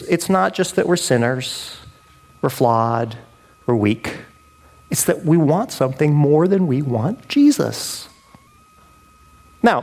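A man preaching a sermon as pastor, in a lively, conversational way with casual asides. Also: fairly high pitch.

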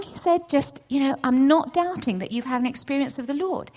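A middle-aged woman giving a testimony at a church session, storytelling with lively acted-out dialogue. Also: a little fast, hardly any pauses, a little hiss or hum. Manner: animated storytelling, acts out voices with big pitch jumps. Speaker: church speaker. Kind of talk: testimony sermon.

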